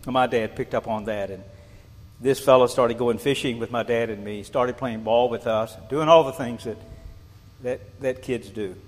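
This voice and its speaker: A man's voice: medium pitch, moderate pace. Older male pastor preaching in a hall. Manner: animated, repeats words and rhetorical questions. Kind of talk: sermon. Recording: long reverb in a large hall.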